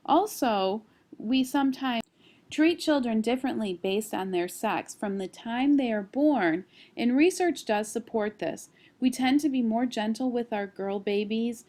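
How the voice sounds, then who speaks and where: A woman in her thirties, a college instructor, giving a recorded screencast lecture at a steady explanatory pace with occasional fillers. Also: a little high, measured pace.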